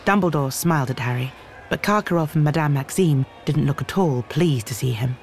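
Male audiobook narrator, measured. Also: fairly high pitch, faint music behind. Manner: measured, expressive storytelling. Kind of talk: scripted narration.

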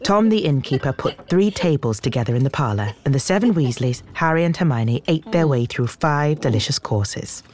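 A woman reading an audiobook as narrator, in a measured, clear way. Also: low-pitched, animated, a little mellow. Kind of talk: scripted narration.

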